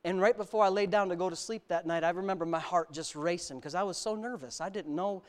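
A US pastor with a high voice speaks at a quick pace. In his sermon he gives a candid personal testimony, blending self-mocking humor with serious storytelling.

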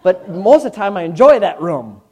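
A man's voice: sits high, big pitch swings, normal speed, husky. Candid, conversational male preacher. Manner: candid, conversational preaching with swings from loud to hushed. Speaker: pastor. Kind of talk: sermon. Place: church in front of a congregation.

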